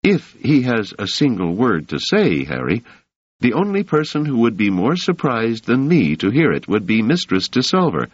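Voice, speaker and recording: A man's voice: medium pitch, wildly swooping pitch, normal speed, husky, dry recording, pitched above the performer's own voice. A man voicing a cool, confident young woman who speaks dryly and firmly, in a slightly muffled recording. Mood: wry.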